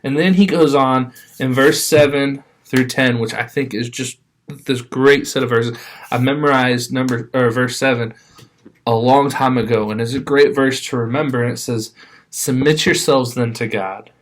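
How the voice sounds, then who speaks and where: A man, as a pastor, giving a casual, conversational sermon with frequent restarts, reading scripture more slowly and softly. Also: medium pitch, fairly even intonation.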